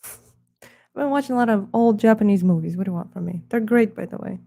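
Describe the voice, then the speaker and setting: A woman's voice: mid-range voice, a little fast, creaky, mellow, no echo, clean studio sound. A woman chatting casually on a live stream while she draws, rambling and talking to herself in murmured asides.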